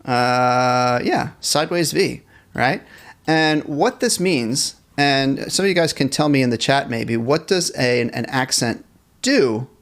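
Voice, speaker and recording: A music teacher with a mid-range, slightly bright voice speaks slowly and animatedly while leading a live-streamed band lesson. He explains instrument technique, reads the viewers' chat, and counts off rhythms for them to play along.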